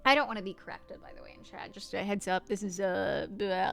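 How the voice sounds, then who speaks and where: A young woman streaming a game, talking casually and hesitantly, breaking off and dropping into soft whispers. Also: mid-range voice, steady tone, brisk, gravelly, faint music behind. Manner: hesitant, self-interrupting, with soft whispered asides. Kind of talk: casual gameplay commentary.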